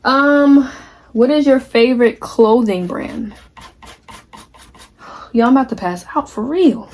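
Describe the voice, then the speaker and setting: Young woman in her 20s rambling to her viewers while she paints crafts, bit of a higher voice, calls everyone y'all. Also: takes it slowly, a little mellow. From United States. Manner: chatty and candid, addresses viewers as y'all. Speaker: vlogger. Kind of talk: casual vlog chat while crafting.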